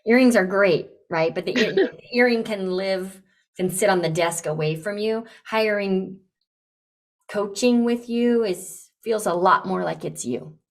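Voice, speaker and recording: A woman coaching a client live on a podcast, encouraging and direct, acting out lively examples. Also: mid-range voice, a little slow. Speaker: business coach and podcast host.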